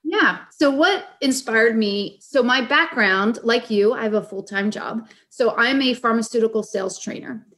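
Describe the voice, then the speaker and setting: A woman's voice: mid-range voice, fairly bright tone. Heartfelt woman in her forties. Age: 40s. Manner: earnest, heartfelt storytelling. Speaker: guest, caregiver advocate and author. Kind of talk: casual podcast conversation.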